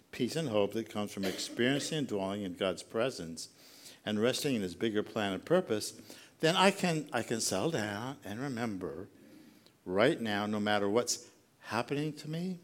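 A man's voice: lowish voice, expressive, moderate pace. A middle-aged man preaching a sermon as pastor, conversational and self-deprecating, often putting questions to the congregation.

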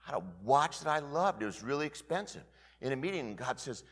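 A man in his fifties preaching as pastor, telling a personal story in an animated way that swings between loud bursts and hushed asides. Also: medium pitch, fairly quick, slightly rough, in a large hall. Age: 50s. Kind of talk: storytelling sermon.

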